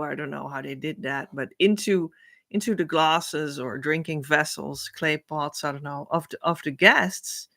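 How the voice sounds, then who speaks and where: A woman giving a heartfelt spiritual talk, earnest and rambling, often breaking into soft laughter. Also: on the low side. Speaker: spiritual teacher.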